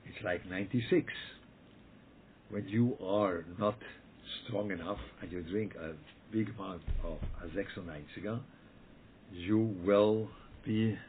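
Emphatic rabbi on a tinny line. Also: male voice, deep voice. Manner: emphatic, repeats words, checks in with "yeah?" and "okay?". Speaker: rabbi teaching. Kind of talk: Torah lesson answering questions. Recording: tinny phone-like line with faint noise.

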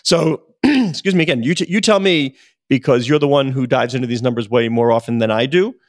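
A man's voice: mid-range voice, fairly quick, no echo, clean studio sound. A man co-hosting a sports business podcast, chatting conversationally and posing pointed questions. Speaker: podcast co-host. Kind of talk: podcast discussion.

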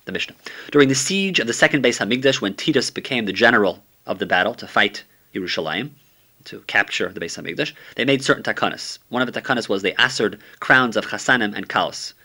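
A man with a fairly low voice and a bright, forceful tone works through a Talmud page point by point. He reads steadily and uses Hebrew and Aramaic terms freely, as a teacher giving a summary lesson. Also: animated, quick pace.

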